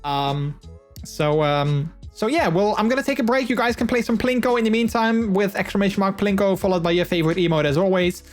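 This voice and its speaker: A man, chatting casually to his live-stream viewers, laughing often and filling pauses with ums. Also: high-pitched, faint music behind.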